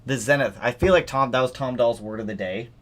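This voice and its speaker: A young man hosting a casual livestream about cars, animated as he reads donations and reacts to news. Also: mid-range voice, brisk. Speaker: livestream host.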